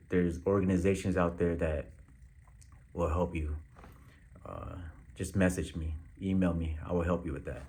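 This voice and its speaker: A man vlogging directly to his viewers in a casual update, talking in a laid-back, slangy way and halting often on fillers. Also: low voice, darkish tone.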